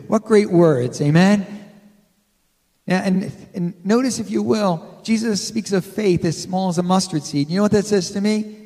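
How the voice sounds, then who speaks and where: Male pastor, high voice, chatty sermon delivery with amen prompts, long church reverb. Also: moderate pace, mellow. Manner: conversational preaching, asks the congregation for amens. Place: church sanctuary.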